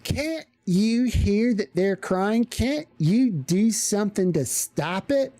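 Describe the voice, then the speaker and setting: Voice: mid-range voice, expressive, takes it slowly, mellow, pitched above the performer's own voice. A streamer putting on the voice of an impatient woman shopper who nags from behind in a checkout line. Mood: reproachful. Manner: nagging, reproachful.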